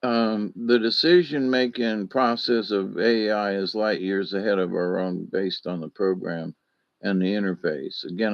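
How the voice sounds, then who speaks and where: A man chats on his own live stream, slow and unhurried, swearing and wandering through stories while he answers chat. The audio is dull and lo-fi, with a dry close sound. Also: fairly low pitch, steady tone, creaky, dry recording. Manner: rambling, profane, tells anecdotes with sound effects; reads and answers chat comments.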